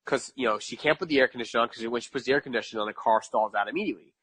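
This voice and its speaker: A man from New York chats as a podcast guest, spinning a long story with lively emphasis. He often repeats phrases and laughs at his own bad luck. His voice sits in a middle pitch, and the recording is dry and close. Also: racing, slightly rough, dry recording. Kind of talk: casual storytelling.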